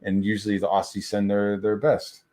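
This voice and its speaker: A man's voice: on the low side, completely flat delivery, moderate pace, a little mellow. A young man on a stream, ranting in a rambling way and swearing heavily. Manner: crude, rambling, heavy swearing. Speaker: stream guest. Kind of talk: profane ranting stream talk.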